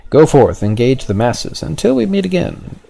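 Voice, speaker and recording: A man's voice: medium pitch, very animated, normal speed, gravelly, dark tone, voice pushed up. A man voicing a formal, grandly encouraging mentor in a history game, with a stately, theatrical delivery.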